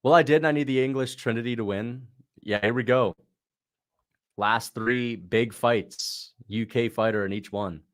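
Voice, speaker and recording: A man's voice: medium pitch, normal speed. A man hosting a casual watch-along livestream, chatting in a slangy way and answering viewers' questions. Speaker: livestream host.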